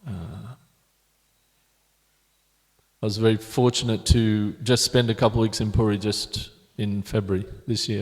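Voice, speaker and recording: A man's voice: medium pitch, darkish tone. A man teaching a scripture class at a temple, talking conversationally with frequent restarts while he shows pictures. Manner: conversational, many restarts, reflective. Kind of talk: scripture class talk with slides. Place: temple hall. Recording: long hall reverb.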